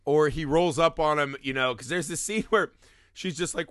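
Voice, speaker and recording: A man's voice: fairly high pitch, moderate pace, dry recording, clean studio sound. A man co-hosting a podcast, reviewing a movie in casual comedic chat, swearing often and acting out the characters' lines. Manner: profane, animated, acts out characters' lines. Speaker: podcast co-host.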